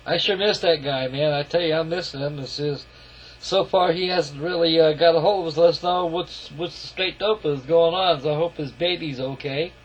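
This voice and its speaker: A man's voice: fairly high pitch, normal speed, slightly rough. A man casually narrating a walk-around of his scale model, folksy and rambling, calling his viewers folks. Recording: lo-fi camera audio.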